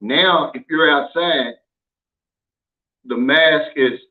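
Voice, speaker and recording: Man, American, casual vlog host, emphatic folksy talk, slightly high voice, phone-like audio. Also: drawn-out words. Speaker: channel host. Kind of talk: casual vlog talk, reading viewer comments. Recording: narrow phone-like sound.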